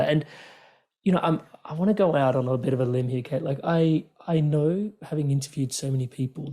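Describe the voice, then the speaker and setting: A man's voice: medium pitch, a little mellow. A man hosting a podcast interview over a remote call, reflective and affirming. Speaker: podcast host. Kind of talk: conversational interview. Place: Melbourne.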